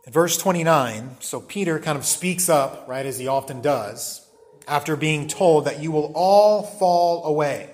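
A man leads a Bible study class in a relaxed, conversational way, with a fairly high-pitched voice. He often stops to check in with the group, asking "right?". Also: measured pace.

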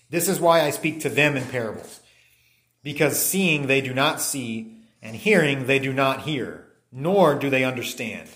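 Man, pastor, sermon, mid-pitched voice, conversational restarts, reads scripture, echoey room.

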